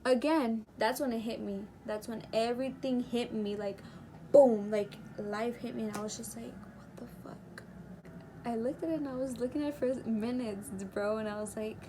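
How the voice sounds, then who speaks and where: Chatty teenage girl vlogger, slightly high. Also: fairly quick, background noise. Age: teens. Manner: chatty and emphatic, full of fillers. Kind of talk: casual storytime.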